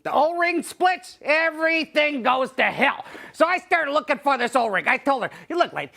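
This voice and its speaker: A performer improvising a crude, excitable, donut-obsessed plumber with a hot temper and a put-on regional accent, rambling and swearing. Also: sits high, normal speed, gravelly, exaggerated voice. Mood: rowdy, rambling. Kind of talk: improvised comedy scene.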